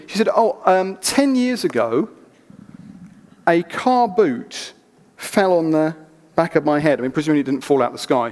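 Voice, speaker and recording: A man preaching a sermon, telling stories in an animated, chatty way with asides. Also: sits high. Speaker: pastor. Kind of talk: sermon with storytelling. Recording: reverberant church hall.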